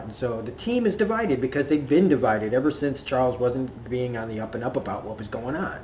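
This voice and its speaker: A man's voice: mid-range voice, lively intonation, fairly quick, few pauses, darkish tone, a little hiss or hum. A man recapping a cartoon episode in a casual, rambling way, full of fillers and laughs. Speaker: cartoon reviewer. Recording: roomy echo.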